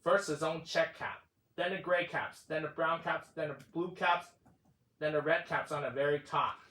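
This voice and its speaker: A man's voice: a little high, fairly even intonation, moderate pace, sharp tone. A man reading a children's picture book aloud in a sing-song, playful storytelling manner. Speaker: storybook reader.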